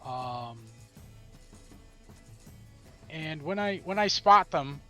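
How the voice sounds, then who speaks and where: A man's voice: on the high side, animated, unhurried, bright, forceful tone, faint music behind. A man playing a tabletop role-playing game, talking bluntly and casually, a bit crude. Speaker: player.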